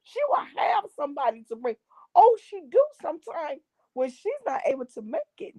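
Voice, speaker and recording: Animated high-voiced woman telling a story. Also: moderate pace, dry recording. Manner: lively, acts out voices in her stories. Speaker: guest gospel artist.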